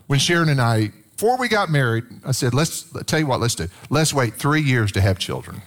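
A man's voice: a little high, a little fast, few pauses. A middle-aged man preaching a sermon, telling stories and acting out quoted lines. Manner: animated storytelling, acts out quotes. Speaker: pastor.

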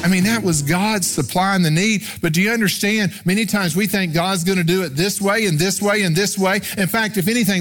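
A male pastor preaching a sermon, lively and emphatic, shifting from shouts to quiet storytelling. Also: brisk, hardly any pauses, faint music behind. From Oklahoma. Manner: animated preaching, swings from loud shouting to low storytelling. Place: church room with congregation.

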